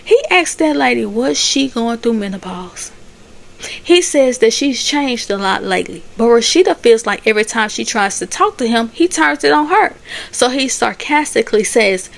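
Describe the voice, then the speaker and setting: A woman's voice: fairly high pitch, lively intonation, moderate pace, vocal fry. A woman giving a sassy, chatty casual recap of TV episodes. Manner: sassy, chatty, laughs at the drama. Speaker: recap host.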